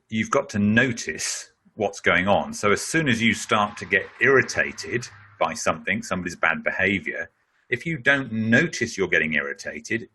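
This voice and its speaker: A man's voice: fairly low pitch, bright, forceful tone, breathy edge. A middle-aged man answering a question in a webinar, explaining in a conversational way with many fillers. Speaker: speaker on leadership.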